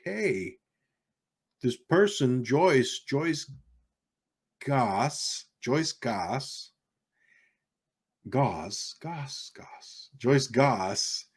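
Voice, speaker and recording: A young man with a Southern American accent and a deep baritone voice, chatting casually on a live stream, reading viewer comments aloud and rambling with frequent chuckles. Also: a little mellow. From South Carolina, USA. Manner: rambling, chuckles often, reads chat aloud.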